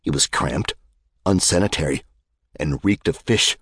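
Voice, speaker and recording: Low husky guy reading an audiobook in first person, wry and measured, dry close sound. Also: a bit bright, no room sound. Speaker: audiobook narrator. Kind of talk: scripted first-person narration.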